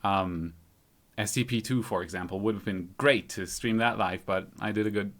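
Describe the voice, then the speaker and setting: A man's voice: on the low side, moderate pace, fairly bright tone. A man from Germany with a light German accent, hosting a casual live stream, thinking aloud as he fiddles with settings and reads out viewers' comments. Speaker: YouTube channel host.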